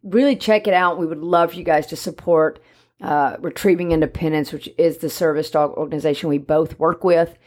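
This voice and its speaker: A woman co-hosting a casual podcast chat, animated and jokey. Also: low-pitched, fairly quick. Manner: animated, jokey, speaks for the dog in mock voices. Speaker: podcast co-host, dog trainer.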